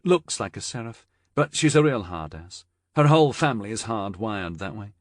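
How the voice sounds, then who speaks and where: A man's voice: on the low side, lively intonation, normal speed, no room sound, clean studio sound, lightly acted. A man reading an audiobook voices a sassy, teasing woman with a cool, level manner. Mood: dismissive. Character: sassy, level-eyed older woman, teasing yet stern.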